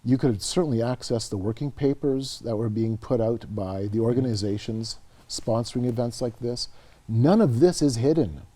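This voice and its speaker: A middle-aged man from Canada speaks as an interview guest, earnest and animated as he recounts events. His voice sits on the dark side with a husky edge. He restarts and repeats words as he talks. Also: mid-range voice, normal speed. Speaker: guest, researcher and author. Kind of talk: conversational interview storytelling.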